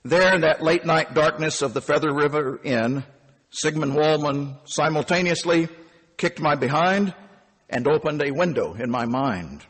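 A man in his fifties telling a first-person story, animated and emphatic. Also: on the high side, a little slow, husky, long reverb tail. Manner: animated and emphatic, with punchy phrasing.

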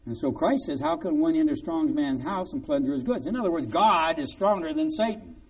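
A man preaching a sermon in a lively, conversational way, with joking, sarcastic asides. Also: fairly high pitch, brisk, recorded from a distance.

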